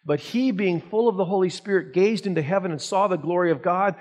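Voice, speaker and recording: High-voiced pastor teaching a Bible class. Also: male voice, a little fast, a little mellow. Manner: asks the class rhetorical questions; reads scripture aloud. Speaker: pastor teaching adult Sunday school.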